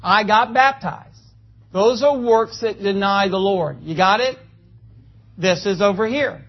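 A man's voice: sits high, measured pace, pauses often, dull audio. A man preaching a sermon, folksy and joking, asking the congregation for amens. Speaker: pastor. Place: church.

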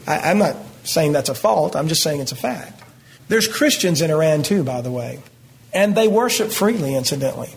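A middle-aged man, teaching a Bible passage verse by verse in a folksy, conversational way and talking directly to his congregation. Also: high-pitched. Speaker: pastor.

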